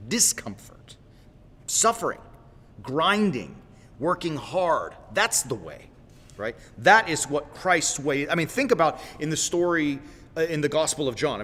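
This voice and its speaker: A man's voice: a little high, fairly bright tone. Rambling preacher man in a reverberant room. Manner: rambling, self-correcting, apologetic asides; folksy, direct, with repeated "right?". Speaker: host of a Christian livestream. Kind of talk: informal livestream preaching. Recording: long reverb in a roomy space.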